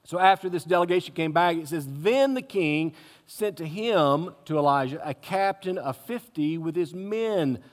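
A man's voice: a little high, expressive, moderate pace. A man preaching a sermon, retelling a scripture story dramatically with wry humorous asides. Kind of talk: expository sermon. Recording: echoey hall.

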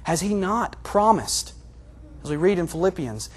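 A man preaching a sermon in an earnest, confessional way, moving between hushed and loud passages. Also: high voice, sing-song, unhurried, slightly rough. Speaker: pastor.

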